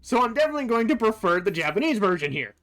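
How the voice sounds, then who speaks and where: Game streamer talking thru a playthrough, mid pitch, lots of uh's, thinking out loud, faint game music underneath. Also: sing-song. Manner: thoughtful, halting, with frequent "uh" while sorting thoughts. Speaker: streamer comparing game translations. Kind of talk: casual commentary over gameplay.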